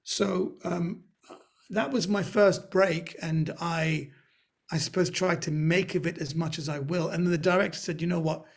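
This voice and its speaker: A man in middle age tells stories about his past over a video call. His voice sits a little high and is rough with fry and breath. He talks animatedly and laughs as he goes. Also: fairly even intonation, measured pace. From Britain. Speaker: guest speaker. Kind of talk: anecdotal storytelling.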